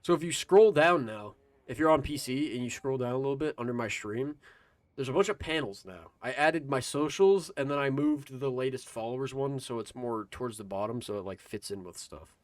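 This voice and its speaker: A man streams a video game live, rambling to his chat loosely and casually while swearing freely. His voice is medium-pitched and fairly quick, in a dry recording.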